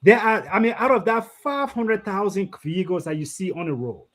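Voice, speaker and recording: A man's voice: high voice, expressive, a little fast, fairly bright tone. A man, a guest in a casual discussion, telling stories and repeating his phrases.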